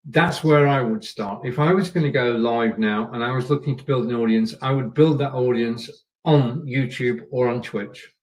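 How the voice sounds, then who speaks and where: A man hosts a live stream and coaches his viewers in a chatty, repetitive way, dropping in "yeah" and "okay" as he goes. His voice sits at an ordinary pitch and sounds a little distant from the microphone. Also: normal speed. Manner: chatty, repeats points, checks in with "yeah" and "okay". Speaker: live show host. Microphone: camera and microphone.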